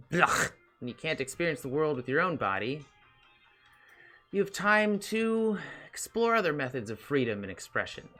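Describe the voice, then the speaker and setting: A cocky twelve-year-old hacker girl, as a man puts her on in a tabletop game, boastful and offhand. The voice is bright and forward at a middling pitch. Faint music plays behind. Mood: scornful. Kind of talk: tabletop role-play in character.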